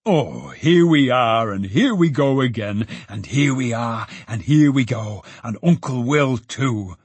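A man reading an audiobook, voicing an excitable older father who fusses fondly over his family. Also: medium pitch, measured pace, slightly rough, no echo. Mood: overjoyed. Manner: excited, fond and laughing.

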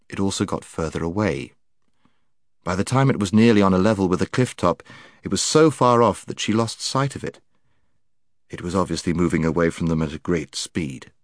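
A man reading a children's storybook aloud with expressive narration, changing his voice for the characters. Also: low-pitched, no room sound, studio quality. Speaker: audiobook narrator.

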